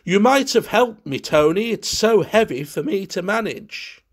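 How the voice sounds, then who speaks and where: A man's voice: fairly high pitch, big pitch swings, measured pace, darkish tone, breathy edge, heavily acted. A man voicing a fretful, peevish young boy who complains.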